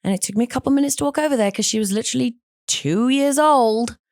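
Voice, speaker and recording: A woman hosting a podcast, telling stories in an animated, outspoken way with frequent restarts. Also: fairly high pitch, fast talker, dry recording, clean studio sound. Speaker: podcast host. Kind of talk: casual conversational storytelling.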